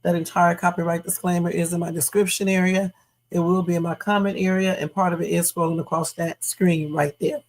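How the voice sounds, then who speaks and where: Chatty woman hosting a livestream, gravelly. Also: on the low side, little pitch movement, fairly quick, a little mellow. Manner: chatty, addresses viewers as y'all. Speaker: livestream host. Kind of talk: casual livestream commentary. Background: faint music.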